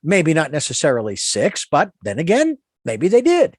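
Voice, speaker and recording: A man's voice: fairly high pitch, wildly swooping pitch, normal speed, darkish tone, no room sound, studio quality. A man hosting a radio interview show, talking in an earnest, meandering, moralizing way. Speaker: radio talk show host.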